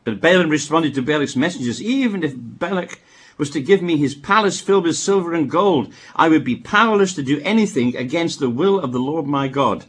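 Man, husky voice, fairly high, lively pitch, reads Bible passages, wry asides. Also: a little fast. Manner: reads scripture aloud, breaks off for wry asides. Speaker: Bible teacher. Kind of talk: Bible reading with commentary.

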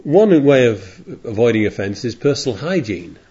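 A man's voice: medium pitch, sing-song, moderate pace, dark tone, breathy edge. A man preaching a sermon in a rambling, digressive way, reading scripture aloud as he goes. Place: congregation in California. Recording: dull lo-fi sermon recording.

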